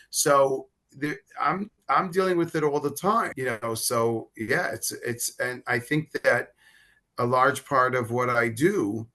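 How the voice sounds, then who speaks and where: A middle-aged man speaks as an interview guest in a bright, somewhat tense voice. He talks haltingly, stammering and repeating words, and his voice softens as he speaks of hard feelings. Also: on the high side. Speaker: rabbi, guest. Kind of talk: emotional interview conversation.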